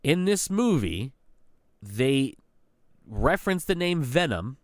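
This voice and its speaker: A man co-hosting a podcast, laying out a movie argument in an animated way and checking for agreement often. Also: medium pitch, takes it slowly, dry recording, studio quality. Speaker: podcast co-host. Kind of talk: casual movie review chat.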